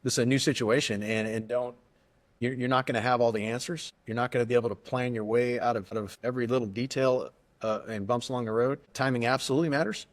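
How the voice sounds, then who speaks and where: A man's voice: mid-range voice, fairly even intonation. A middle-aged man, a retired army aviator, talking casually and earnestly in an interview, often restarting his sentences. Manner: earnest, halting with many restarts. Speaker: guest, retired army aviator turned airline pilot.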